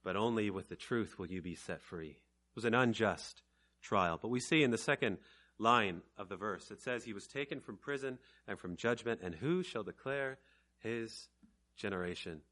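A man preaching an evangelical sermon to a room of young and older listeners, swinging from slow, quiet lines to loud, emphatic ones. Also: fairly low pitch.

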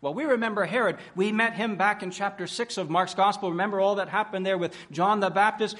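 High-voiced man preaching emphatically. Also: a bit bright. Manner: emphatic, dramatic build-ups with slowed stressed words; rhetorical questions to the listeners. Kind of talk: sermon. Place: conference hall.

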